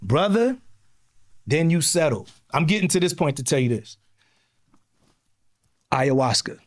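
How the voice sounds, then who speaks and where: Brief: fifties male podcast guest, expressive raconteur, dry studio voice. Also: on the high side, unhurried, no room sound. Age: 50s. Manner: expressive, acts out quotes, laughs, swears casually. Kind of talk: animated storytelling.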